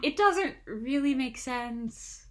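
A woman's voice: high-pitched, animated, slow. A young woman co-hosting a podcast in casual chat, hedging often with "like" and "I don't know". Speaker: podcast co-host.

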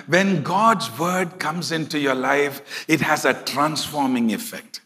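A middle-aged man preaching a sermon as pastor, emphatic and slowing down to stress scripture. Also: fairly high pitch, vocal fry, bright, forceful tone, long reverb tail, some chatter behind.

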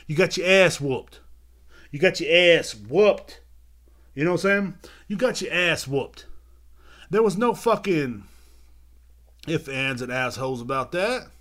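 A young man hosting a podcast, ranting heatedly and repeating himself with constant swearing. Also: high-pitched. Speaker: podcast host. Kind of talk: profane rant. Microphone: video podcast mic.

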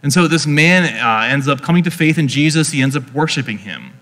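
A man's voice: on the high side, expressive, fairly quick, fairly bright tone. Chatty male preacher in a reverberant hall. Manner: conversational, chatty, leans on "like" fillers. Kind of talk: casual teaching sermon.

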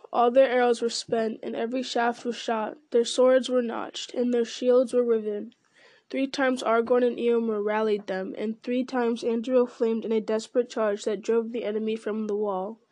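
A woman's voice: a little high, no room sound. Woman reading a fantasy novel aloud. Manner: steady reading with small stumbles and self-corrections. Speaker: reader.

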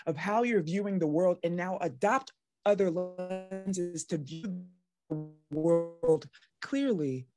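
A woman's voice: fairly low pitch, takes it slowly, loud music behind the voice. A woman hosting a podcast interview, affirming her guest often and asking questions playfully. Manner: affirming, with frequent "right" and playful laughs. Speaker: podcast host.

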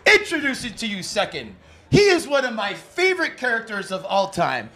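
A man's voice: high voice, moderate pace, noisy background. A young man hosting a live podcast taping, hyping up his guests like an announcer before settling into earnest talk. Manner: excitable, announcer-like. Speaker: podcast host. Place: sports bar studio.

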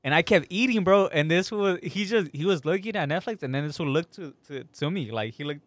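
A man's voice: on the high side, brisk, no echo. Young man telling a story in casual slang. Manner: animated storytelling with lots of slang and swearing, acting out quotes.

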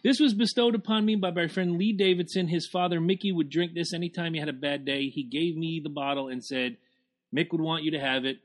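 A man's voice: on the high side, fairly quick, few pauses. A man co-hosting a casual podcast, loose and joking, swearing freely in banter with his friends. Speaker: podcast co-host.

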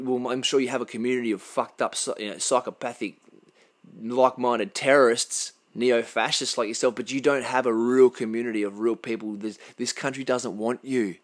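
An Australian man giving blunt, impassioned unscripted commentary, halting often and restarting his sentences. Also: mid-range voice, fairly even intonation.

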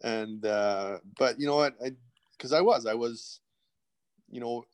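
A man's voice: mid-range voice, measured pace, clear, resonant tone. A middle-aged man, a guest telling candid stories in a rambling way, full of restarts and asides. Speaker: podcast guest. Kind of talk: casual interview storytelling.

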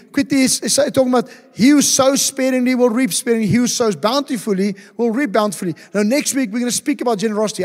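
A man's voice: sits high, a little mellow. A man preaching a sermon as pastor, emphatic, asking rhetorical questions and repeating key words. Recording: long church-hall reverb.

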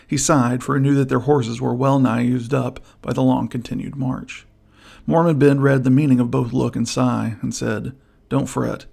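Gravelly husky male narrator. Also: mid-range voice, fairly even intonation, normal speed, a little mellow. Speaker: audiobook narrator. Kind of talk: scripted narration.

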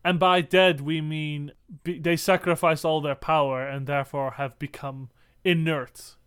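A man with a slightly raised pitch walks through a piece of fantasy lore in casual chat. He explains patiently, reads quoted passages aloud and laughs easily between points. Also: flat delivery, measured pace, a bit bright, clear, resonant tone. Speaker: podcast co-host.

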